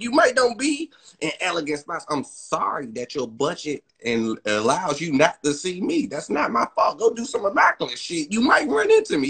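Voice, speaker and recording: A man in a heated, profane, boastful rant, swinging between loud outbursts and muttered asides. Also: a little high, breathy edge.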